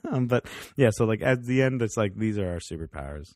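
A man's voice: lowish voice, expressive, moderate pace, darkish tone, no room sound, studio quality. A man co-hosting a podcast, chatting casually about a TV show, laughing often and acting out the characters' lines. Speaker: podcast co-host. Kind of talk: casual TV review chat.

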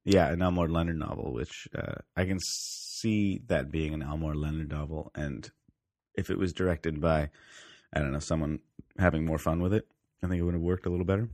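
A man with a very low, deep voice talks loosely about movies as a podcast co-host. He rambles and corrects himself mid-sentence. The sound is dry and close, with no room echo. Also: steady tone, a little fast, a little mellow. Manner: rambling, self-correcting, with frequent restarts. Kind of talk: casual film chat.

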